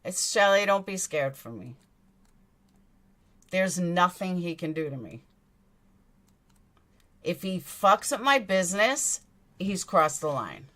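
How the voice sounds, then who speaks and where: A woman's voice: fairly low pitch, big pitch swings, slow, long pauses, pushed and bright. A woman with a New York accent hosting a true crime livestream, reading chat aloud and answering in a blunt, indignant way, swearing freely. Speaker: true crime commentary host.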